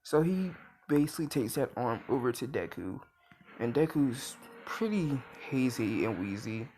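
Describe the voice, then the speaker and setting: Slow, rambling young man telling a story. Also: medium pitch, very animated, darkish tone, slight background noise. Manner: rambling, lots of filler and self-corrections. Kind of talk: casual fan story narration.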